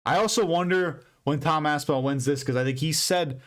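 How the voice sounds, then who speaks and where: A man's voice: on the high side, lively intonation, a little fast, hardly any pauses. A young man hosting a fight predictions channel, giving casual, profane, emphatic commentary with lots of rambling.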